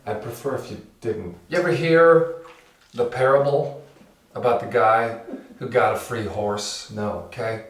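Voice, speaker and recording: A man playing a crude, rambling storyteller. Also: lightly acted. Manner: profane, rambling storytelling with squeaky village voices. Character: crude, rambling man, a naked alter ego telling a mock parable. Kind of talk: comedy sketch. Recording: echoey room, far from the mic.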